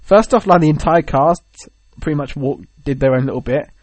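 A man chatting casually on a podcast, recounting events with lively energy and plenty of "like" and "um". His voice sits a little high for a man. The sound is dry and close, with no room around it. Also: a little fast, no echo, rough recording. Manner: animated retelling, many fillers. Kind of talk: casual chat.

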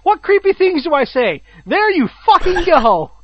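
A man's voice: very high-pitched, sing-song, moderate pace, a bit bright, slight background noise. A young man in casual chat, telling crude stories and laughing often. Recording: dull lo-fi sound, dry.

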